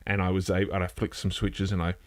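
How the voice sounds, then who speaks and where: A man's voice: sits low, completely flat delivery, fast. A man hosting a casual live news stream from a home setup, rambling and self-deprecating, trailing off and restarting as he goes. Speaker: host.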